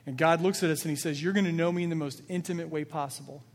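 A man's voice: on the high side, fairly even intonation, fast talker. A man preaching a sermon as a pastor, earnest and building emphasis as he quotes scripture with feeling. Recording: long reverb of a large hall.

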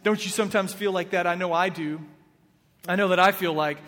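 Male pastor, slightly high voice, relaxed conversational sermon in a reverberant church hall. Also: brisk. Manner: conversational, with fillers and restarts.

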